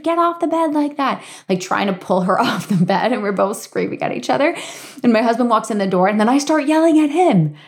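A woman in her thirties hosts a solo podcast in a somewhat low voice. She talks in a candid, chatty way, swears casually and laughs often. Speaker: podcast host.

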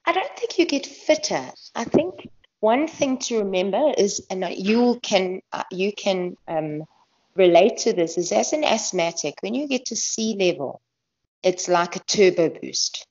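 A woman's voice: mid-range voice, expressive, measured pace, a little mellow. A woman being interviewed about her running, chatty, laughing often and restarting her sentences. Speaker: guest ultramarathon runner. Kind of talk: casual interview talk. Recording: dull lo-fi podcast audio.

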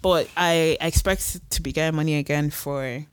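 A woman's voice: sits low, fairly even intonation, normal speed, clean tone. A woman co-hosting a podcast, chatting casually and telling stories with quoted asides. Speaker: podcast co-host. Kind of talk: casual chat.

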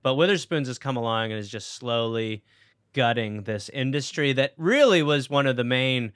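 A man's voice: medium pitch, expressive, normal speed, a bit bright, clean tone, no echo, clean studio sound. A man co-hosting a podcast, riffing sarcastically in casual chat.

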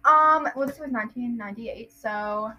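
A woman's voice: a little high, pushed and bright, lo-fi sound. A woman co-hosting a podcast, chiming in with teasing corrections in casual chat. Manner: teasing interjections, quick corrections. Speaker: podcast co-host.

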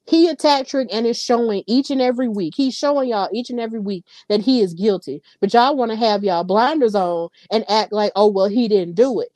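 A woman's voice: fairly high pitch, brisk, hardly any pauses, dry recording. Opinionated woman podcast host, dry sound. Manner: animated, opinionated, talks straight to listeners. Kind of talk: casual wrestling commentary.

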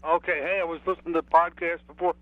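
A man calling in to a radio show, friendly and a bit halting, over a muffled phone line. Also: a little high, level tone, no echo. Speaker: caller. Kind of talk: phone-in chat.

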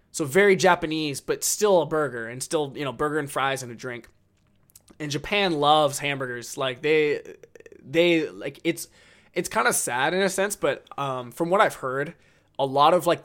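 A man's voice: mid-range voice, a bit bright. A man hosting a casual solo podcast, rambling enthusiastically with lots of ums and likes. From United States. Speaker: podcast host.

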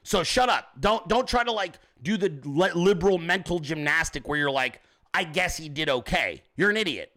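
A man's voice: sits high, animated, a little fast, hardly any pauses, pushed and bright. A man hosting a livestream, ranting profanely and combatively at commenters in his chat. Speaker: show host.

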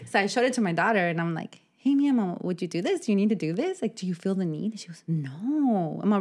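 A woman's voice: medium pitch, lively intonation, fast, hardly any pauses, a little mellow. A woman in her thirties hosting a podcast, telling stories in casual chat and laughing a lot. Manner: chatty storyteller who laughs a lot. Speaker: podcast host.

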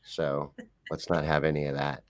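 Homem de voz muito grave, conversa descontraída. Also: male voice, extremely low pitch, monotone, normal speed. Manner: playful, teasing, rambling. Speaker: podcast co-host. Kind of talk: casual joking chat.

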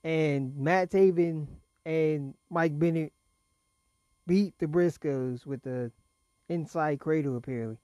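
A man's voice: a little high, takes it slowly, mellow, no echo. A man casually recapping wrestling results in a rambling, chatty way, fighting a cough and laughing between points. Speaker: wrestling show reviewer.

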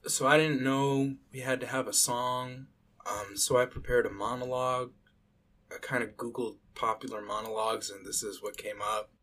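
A man's voice: mid-range voice, steady tone, moderate pace, a bit bright, natural voice. Awkward young student, hesitant and apologetic, played by a man. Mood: sheepish. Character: awkward young male student auditioning, sincere.

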